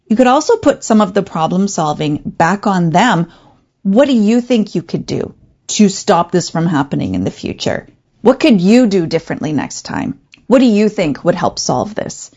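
A woman hosting an advice show, talking in a calm, clear, coaching way. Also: mid-range voice, moderate pace, highs cut off. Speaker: radio show host. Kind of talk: advice talk show monologue.

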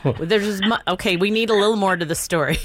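A woman's voice: medium pitch, fast, slight background noise. A woman co-hosting a morning radio show in casual, chatty talk. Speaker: radio co-host.

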